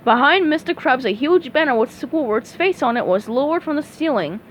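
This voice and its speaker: Woman storybook reader, high and animated, with faint background hum. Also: moderate pace, low-quality recording. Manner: lively read-aloud with small slips. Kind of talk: reading a storybook aloud.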